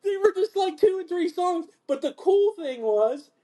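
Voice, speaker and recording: High-voiced man telling a lively story. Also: normal speed. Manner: animated, profane, acts out quotes in a lower voice. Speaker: podcast host. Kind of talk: casual storytelling chat.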